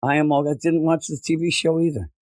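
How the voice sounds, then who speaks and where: A middle-aged man co-hosting a casual comic book review podcast, rambling and joking, acting out characters in a higher voice. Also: steady tone, fast talker, darkish tone, no room sound. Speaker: podcast co-host.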